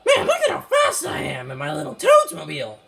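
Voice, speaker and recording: A hyper little male mushroom racer, voiced extremely high and squeaky with a slight southern twang. He swoops all over and has a gravelly edge, yelping at every setback in his game commentary. Faint game music plays behind him. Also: brisk, exaggerated voice. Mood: excitable. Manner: excitable, yelps and complains at mishaps. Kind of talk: let's-play game commentary in character.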